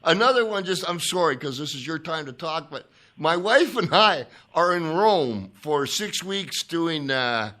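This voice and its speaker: A man hosting a podcast, telling stories in a rambling, animated way and often pausing to search for names. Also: a little high. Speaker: podcast host. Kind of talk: casual storytelling chat.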